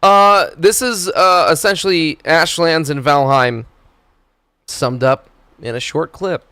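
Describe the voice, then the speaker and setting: A man's voice: a little high, slow pace, bright, forceful tone, smooth. A man hosting a live stream, chatting casually and swearing often as he reacts to clips. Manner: profane, laid-back, laughing. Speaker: streamer host.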